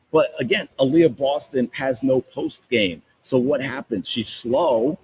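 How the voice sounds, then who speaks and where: Man, sports podcast host, husky voice, exasperated film breakdown, medium pitch. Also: unhurried, hardly any pauses, rough recording. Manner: animated, exasperated, repeats points for emphasis.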